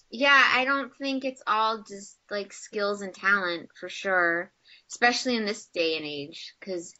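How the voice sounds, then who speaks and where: This is a casual interview chat with a young American actress as the guest, cheerful and filled with fillers on a video call. Her medium-pitched voice comes across pushed and bright, though the call audio is a little muffled.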